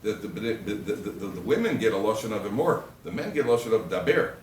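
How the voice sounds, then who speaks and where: A man giving an animated Torah class as a rabbi, joking and acting out quoted husbands and wives. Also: fairly low pitch, fast talker, recorded from a distance, slight background noise. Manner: animated storytelling, acts out quoted husbands and wives, jokey asides. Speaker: rabbi lecturer. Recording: echoey room recorded from afar, faint ambience.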